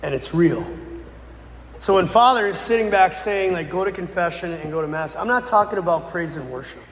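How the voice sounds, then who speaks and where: A man, a Catholic priest, telling a dramatic story in a sermon, swinging between loud bursts and hushed lines. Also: high voice, expressive, fairly quick, a little hiss or hum. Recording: echoey church with long reverb.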